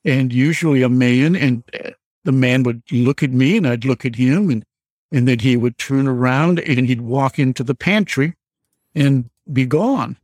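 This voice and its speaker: An older man in his seventies tells a ghost story from his youth as a caller on a show. He speaks slowly and deliberately, pausing often. His voice sits in the middle range and is recorded dry and close. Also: mid-range voice, darkish tone, no echo. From Michigan. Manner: slow, deliberate storytelling with frequent "uh" pauses. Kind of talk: storytelling on a radio call.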